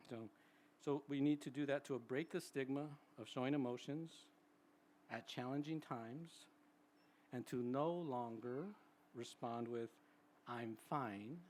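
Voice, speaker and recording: A man's voice: mid-range voice, darkish tone, slight background noise. Chatty man in his sixties giving a talk. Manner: chatty, tags sentences with "right?". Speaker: psychologist speaking at a symposium. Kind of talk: conversational public talk. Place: live event venue.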